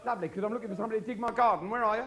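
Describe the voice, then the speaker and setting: Crude middle-aged comedian, high voice. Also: male voice, rapid-fire, background noise. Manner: crude, swearing, storytelling. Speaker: stand-up comedian. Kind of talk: stand-up routine. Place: live show before an audience.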